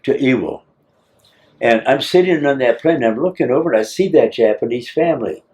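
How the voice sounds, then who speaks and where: An older man, a war veteran, telling his story in an oral history interview with a teasing, lively manner. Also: medium pitch, brisk. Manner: lively, acts out scenes, teasing.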